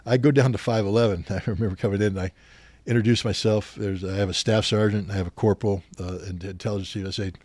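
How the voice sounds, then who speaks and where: Low-voiced man telling war stories. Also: fast, no echo. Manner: animated anecdotes, louder when retelling confrontations. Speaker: podcast guest. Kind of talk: storytelling interview.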